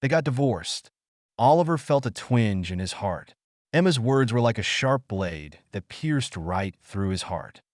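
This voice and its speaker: Male narrator, dramatic audio story, lively pitch, dry close recording. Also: measured pace, no echo. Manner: dramatic, melodramatic.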